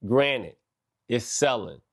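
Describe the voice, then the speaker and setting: A middle-aged man hosting a podcast, delivering a loose, animated monologue full of slang and swearing. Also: mid-range voice, slow pace. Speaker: podcast host. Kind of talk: casual monologue.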